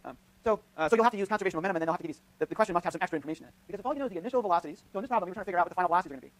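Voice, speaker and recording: Guy professor lecturing fast in a lecture hall, highish voice, lots of restarts and "right?". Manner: thinks aloud, many restarts and tag questions. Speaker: physics professor. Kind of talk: university lecture with live demonstration.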